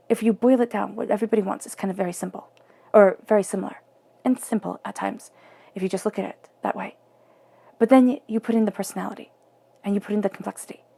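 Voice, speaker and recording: A woman reads tarot aloud with earnest warmth, her voice gravelly and pitched in the ordinary middle range for a woman. Her delivery stays intimate, often sinking into a soft near-whisper.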